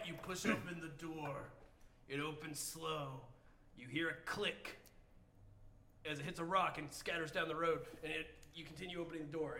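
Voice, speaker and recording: A man's voice: a little high, pushed and bright, echoey room, slight background noise. A man narrating a tabletop game as game master in a playful, teasing way.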